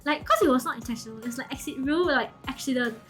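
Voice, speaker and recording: A young woman chats to her stream in a high, bright-toned voice. She is animated and giggly and keeps checking in with okay and like. Soft music plays faintly behind her. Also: quick pace. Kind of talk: casual storytelling to chat.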